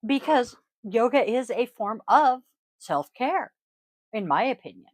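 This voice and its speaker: Recorded at home on a close microphone, a yoga teacher hosts a casual podcast in a rambling, chatty style, often umming and clearing her throat. Her fairly high voice is animated and unhurried. The recording is dry and rough.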